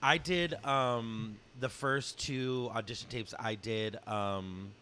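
Bright-toned man, gushing podcast host. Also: medium pitch, slow, slight background noise. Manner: enthusiastic, swears casually, many fillers. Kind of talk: casual chat. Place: bar.

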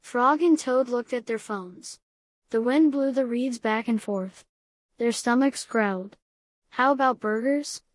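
Brief: woman narrator for a picture-book story, calm deadpan read, dry close sound. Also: fairly high pitch, a little slow, no echo. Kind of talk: storybook reading aloud.

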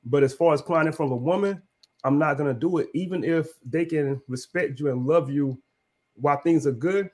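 A man's voice: fairly high pitch, fairly quick. A man co-hosting a podcast, speaking bluntly and casually with slang. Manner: blunt, laid-back, slangy. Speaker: podcast co-host.

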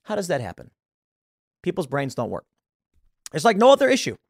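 A man's voice: on the high side, huge pitch swings, brisk, no room sound, clean studio sound. A man hosting a podcast, delivering an exasperated opinion rant with frequent laughs and repeated words. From United States. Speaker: podcast host.

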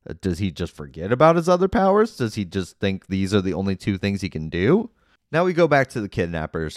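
A man with a lowish voice gives a casual movie recap. He is chatty and skeptical, questioning the plot as he goes. The sound is close and dry, with no room echo. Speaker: movie reviewer.

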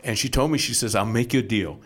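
A middle-aged man, a pastor, telling a personal testimony as an animated storyteller with quick asides. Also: medium pitch.

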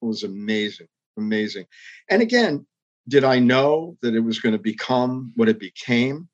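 Older man telling a story, husky voice. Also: medium pitch, lively intonation, normal speed, lo-fi sound. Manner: earnest, reflective storytelling with emphatic rises. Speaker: interview guest, former public TV executive. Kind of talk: storytelling interview.

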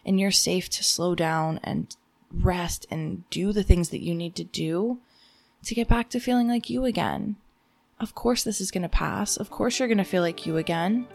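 A young adult woman speaks as a podcast host in a soothing, reassuring manner. Her voice sits a little lower than most women's. She drifts into casual fillers as she talks. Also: moderate pace, creaky, darkish tone. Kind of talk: gentle motivational talk.

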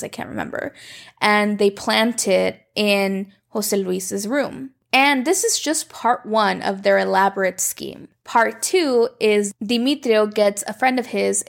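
A woman's voice: mid-range voice, vocal fry. A woman recapping a soap opera in a casual, chatty way, sarcastic and acting out the characters' lines. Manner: chatty, sarcastic, acts out quotes. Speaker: recap commentator.

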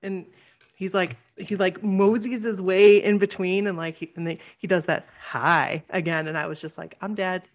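A woman podcast host telling a story in casual chat, acting out quoted lines with lively voice changes. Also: on the low side, moderate pace. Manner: animated, acts out quotes with shifting voice.

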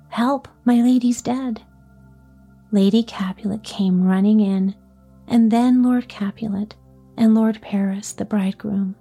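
A woman reading a storybook tale aloud in a soft, often whispery voice. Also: mid-range voice, husky. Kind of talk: scripted storybook narration.

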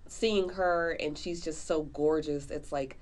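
Woman co-host, slightly low voice; casual, animated movie-review chatter. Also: measured pace. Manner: chatty, animated, lots of fillers. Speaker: podcast co-host.

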